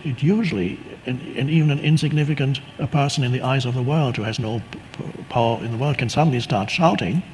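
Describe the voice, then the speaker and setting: Calm reflective man teaching. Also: mid-range voice, slight background noise, rough recording. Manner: reflective, unhurried, with many restarts. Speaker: spiritual teacher. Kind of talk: calm spoken teaching talk.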